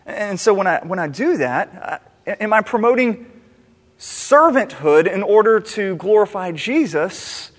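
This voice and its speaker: A man's voice: high-pitched, animated, measured pace, big-room sound. A man preaching a sermon as pastor, earnest and self-examining, asking his listeners rhetorical questions. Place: church sanctuary.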